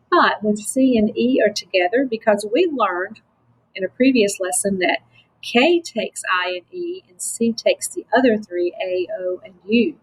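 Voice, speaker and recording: A woman teaching a phonics lesson to children, slow, patient and encouraging. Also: medium pitch, breathy edge, rough recording.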